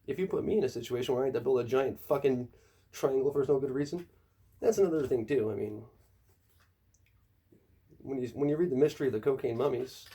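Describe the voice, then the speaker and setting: A man's voice: a little fast, pauses often, husky. A man telling a rambling, profane comedic monologue full of conspiratorial asides. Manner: jumps to high excited pitch for emphasis.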